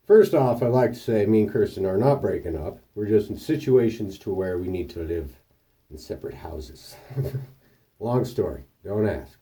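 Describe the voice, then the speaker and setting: A man tells rambling, profane stories straight to the camera, his pitch jumping around as he acts out the people in them. His voice is mellow and relaxed, and he sits a little back from the mic. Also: distant mic. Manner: profane, rambling anecdotes with animated quoted voices. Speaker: vlogger. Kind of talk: casual storytelling monologue.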